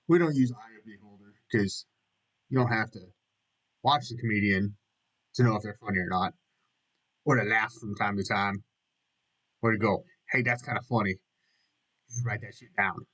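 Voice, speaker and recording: A man's voice: fairly low pitch, moderate pace, pauses often, fairly bright tone, dull audio. A middle-aged man rambling through a casual vlog monologue, jokey and self-mocking, with frequent swearing. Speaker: vlogger.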